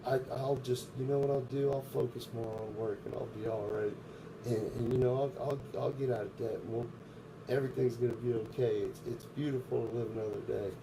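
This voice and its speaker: A man mocking a voiceover with a quiet, muttering, self-pitying inner-monologue voice. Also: medium pitch, fairly even intonation, fairly quick, noisy background, natural voice. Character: self-loathing male inner-monologue voice, mopey.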